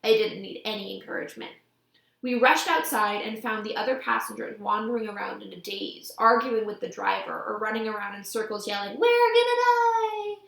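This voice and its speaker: A woman reading a novel aloud with lively, expressive storytelling, recorded in an echoey room. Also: mid-range voice, a little fast, vocal fry. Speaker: audiobook reader.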